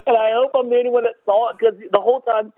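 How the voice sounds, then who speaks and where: This podcast co-host talks very fast in a very high, fairly even voice, recording from his house in the countryside. In a loose, profane movie chat he sends up scenes with silly voices. The audio is dry and phone-like with no room sound.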